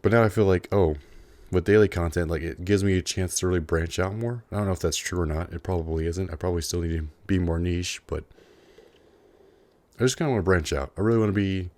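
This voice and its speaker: A man's voice: low voice, fast, darkish tone, no room sound. A young man in a casual, unscripted vlog, rambling earnestly with lots of fillers, a little out of breath. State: slightly out of breath, chewing a cough drop. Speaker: YouTuber.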